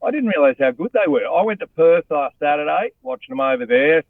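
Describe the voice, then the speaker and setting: A middle-aged Australian man, a former rugby player and radio host, chats as a guest over a tinny phone line, blokey and animated, saying "mate" a lot. His voice is on the high side and creaky, fairly quick, with no echo.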